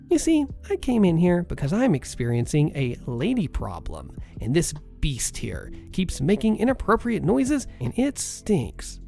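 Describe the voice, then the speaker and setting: A man's voice: high voice, vocal fry, warm tone, heavily acted. A man doing a screechy, scornful rude woman. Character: rude entitled middle-aged woman, shrill and hostile.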